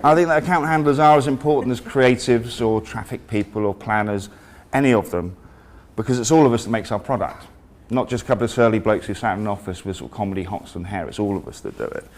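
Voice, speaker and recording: A man's voice: fairly low pitch, fast talker, few pauses, a little mellow. Wry, sweary male speaker. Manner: wry, self-deprecating, sweary. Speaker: invited speaker. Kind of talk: comic storytelling talk.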